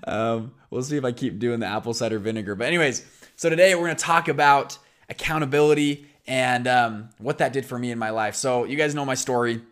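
A young man hosts his own podcast, talking casually and animatedly. His voice is raspy and scratchy from a sore throat. He tells stories in a loose, rambling way, with many restarts. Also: mid-range voice, a little fast, fairly bright tone. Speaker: podcast host. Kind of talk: casual storytelling monologue.

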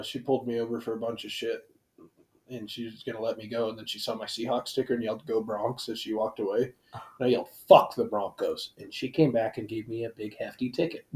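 A man in casual chat, telling animated stories with heavy swearing. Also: medium pitch. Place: Big Bear area, California.

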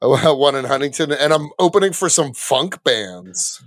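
A man guesting on a casual podcast, loud and boisterous in his talk. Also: medium pitch, sing-song, moderate pace, dry recording, studio quality. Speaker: guest, comedian. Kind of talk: casual chat.

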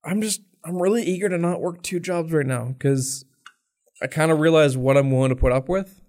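A man's voice: fairly high pitch, fairly quick, a little mellow. Give me a young man venting with a casual curse-laden story, imitating the people he talks about. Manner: profane, exasperated storytelling, acts out customers. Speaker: podcast co-host. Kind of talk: casual podcast chat.

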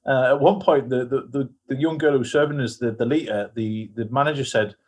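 A man's voice: mid-range voice, fairly quick, a little hiss or hum. A middle-aged man casually telling a rambling travel anecdote, with frequent restarts and laughter. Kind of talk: casual storytelling chat.

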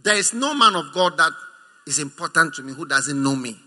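A man with a Ghanaian accent preaching a sermon, animated, teasing and emphatic. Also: a little high, a little fast. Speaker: pastor.

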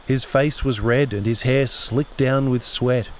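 A man narrating his own novel-length audio story in a steady, scripted reading. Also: medium pitch, unhurried, slight background noise. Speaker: narrator and author.

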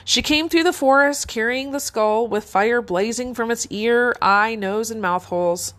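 Woman telling a fairy tale, higher voice. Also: unhurried, a bit bright. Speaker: storyteller.

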